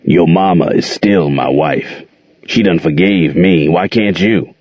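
A cold, smug man growls in a very low, gravelly voice, as a narrator puts him on. The recording is dry and dull. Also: unhurried, no room sound. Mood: menacing.

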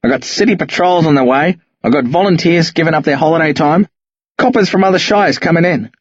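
A gruff, hungover country police sergeant voiced by a male narrator tears into two kids in a hoarse, raised bark. The voice sits high and husky as it rises in anger. It comes from a dry, somewhat dull audiobook recording. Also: expressive, moderate pace, dry recording. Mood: furious. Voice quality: hoarse, barking. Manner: berating, threatening, voice rising steadily.

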